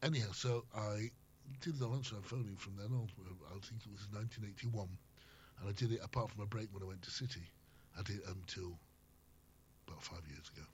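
A man's voice: fairly low pitch, a little fast. An older man, a former radio host, chatting as an interview guest and telling rambling anecdotes. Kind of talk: casual chat. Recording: slightly muffled with faint noise.

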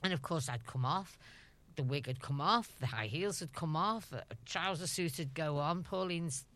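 A woman's voice: low-pitched, normal speed, fairly bright tone. A middle-aged woman with a Liverpool accent, a guest in an interview, telling chatty anecdotes and laughing often. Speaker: actress guest. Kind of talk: casual interview chat.

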